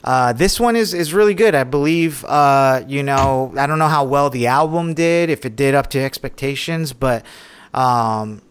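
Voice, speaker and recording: A man's voice: medium pitch, moderate pace, smooth. A man co-hosting a podcast in casual chat, laid-back and rambling as he talks. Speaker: podcast co-host.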